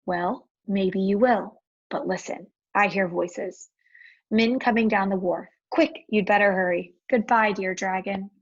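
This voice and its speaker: An earnest, brave little boy from a storybook, as a woman reads him. The voice is husky with a gravelly edge, eager and often hushed, on a dull lo-fi recording. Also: medium pitch, fairly even intonation, measured pace.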